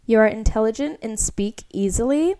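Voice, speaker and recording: A young woman talks through a friend's horoscope in easy, casual podcast chat. Her voice sits a little on the high side, and she scatters "like" and "um" through her sentences as she reads and riffs. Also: moderate pace, dark tone. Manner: chatty, heavy use of "like". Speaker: podcast co-host. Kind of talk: casual chat, reading an astrology chart aloud.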